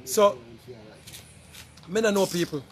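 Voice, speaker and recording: Soft music plays behind a middle-aged Jamaican vlogger who speaks slowly in a high voice. Casually facing the camera, he appeals emphatically for donations, repeating himself and calling out to people again and again.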